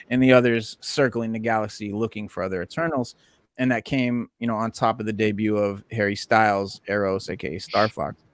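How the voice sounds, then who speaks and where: A man's voice: on the low side, no room sound. A man hosting a casual podcast, reading news items with lots of filler words. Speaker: podcast host.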